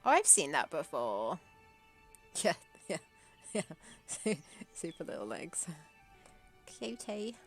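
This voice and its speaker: A giggly woman in casual chat on a live stream, her pitch bouncing up and down as she talks. She speaks at an unhurried pace and laughs often. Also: big pitch swings, faint music behind. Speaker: game developer streamer. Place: online call.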